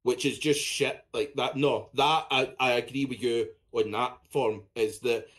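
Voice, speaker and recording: A man's voice: medium pitch, fairly even intonation, a little slow, a bit bright. A man co-hosting a podcast in casual, blunt, sweary chat. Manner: blunt, sweary, talks in short bursts. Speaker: podcast co-host.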